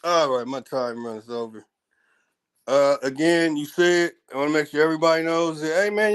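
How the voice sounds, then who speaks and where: A man with a fairly high voice delivers a blunt monologue in informal speech, with profanity. He hammers his point with rhetorical question after rhetorical question, circling back to repeat them for emphasis. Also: pushed and bright. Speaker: speaker giving a monologue. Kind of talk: heated spoken commentary.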